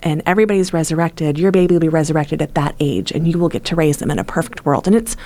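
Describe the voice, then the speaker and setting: Woman guest on a podcast, lowish voice, tells her story and acts out what people said. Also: fast. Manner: animated storyteller who acts out other people's lines. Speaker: supporter of parents through loss. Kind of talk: casual podcast conversation.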